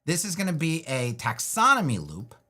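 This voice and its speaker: Guy building a site live on stream, rambling and restarting, pitch bouncing all over. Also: huge pitch swings, moderate pace, sharp tone. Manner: loose and talkative, self-interrupting, jokes to himself. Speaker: web designer hosting a live build stream. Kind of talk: thinking aloud while building a website live.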